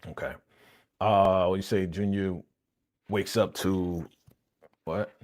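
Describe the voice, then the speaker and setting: A low-voiced man riffs loosely and casually as he hosts a live reaction stream. He talks in an animated, slangy way and speaks directly to his viewers in the chat. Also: slow.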